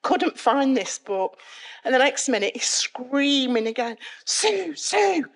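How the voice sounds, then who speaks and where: A middle-aged woman, giving a dramatic, lively personal testimony at a church event. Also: unhurried. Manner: dramatic, lively retelling that climbs in pitch and volume. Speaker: guest speaker giving a testimony. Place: church worship event, live audience.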